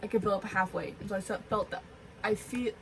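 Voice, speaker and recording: A woman's voice: mid-range voice, fairly even intonation, brisk, distant mic, background noise. A young woman in her teens chatting casually in a vlog, rambling with lots of fillers and giggly asides. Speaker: vlogger.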